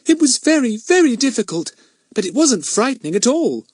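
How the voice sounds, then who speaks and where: Man reading a high, eager little girl, earnest and breathless, lively storybook voice, dry sound. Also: normal speed, no room sound, exaggerated voice. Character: anxious earnest little schoolgirl.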